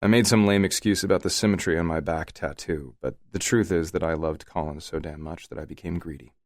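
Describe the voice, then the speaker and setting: A man narrating a first-person romance audiobook in a relaxed, wry manner. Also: low-pitched, a little fast, no echo, studio quality.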